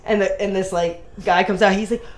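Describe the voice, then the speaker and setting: A woman's voice: medium pitch, fairly even intonation, a little fast. A woman telling a story in casual chat among friends, rambling with lots of fillers. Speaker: podcast co-host.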